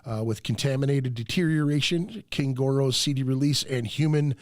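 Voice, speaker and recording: A man's voice: medium pitch, normal speed, a little mellow, dry recording, clean studio sound. A man in his fifties hosting a podcast, swearing freely and telling stories with laughs in casual chat. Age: 50s. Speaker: podcast host. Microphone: studio mic.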